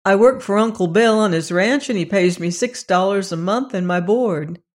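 A reader voicing a cheerful young farm boy in an audiobook, slightly higher and brighter than the narration. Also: normal speed, lightly acted. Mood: cheery. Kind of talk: audiobook character reading.

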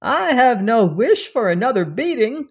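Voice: mid-range voice, big pitch swings, normal speed, slightly rough, voice pushed up. A storyteller voicing a timid young lad. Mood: pleading. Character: curious, timid young male servant lad.

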